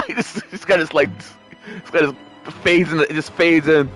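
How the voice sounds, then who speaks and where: A man's voice: on the high side, wildly swooping pitch, unhurried, sharp tone, soft background music. A man streaming a game, joking and reading its dialogue aloud. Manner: joking, laughing, reads lines aloud.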